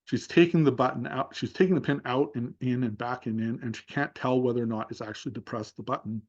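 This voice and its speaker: A man's voice: medium pitch, steady tone, quick pace, a little mellow, highs cut off. A man giving a seminar talk over a video call, thoughtfully narrating a session step by step with many fillers. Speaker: seminar speaker.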